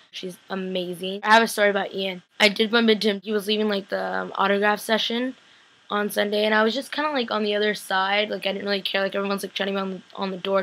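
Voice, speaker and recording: A woman's voice: mid-range voice, sharp tone, low-quality recording. A young woman telling a vlog story in a chatty way, full of "like" and quoted bits of talk. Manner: chatty, lots of "like", acts out quotes with a lifted voice. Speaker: vlogger.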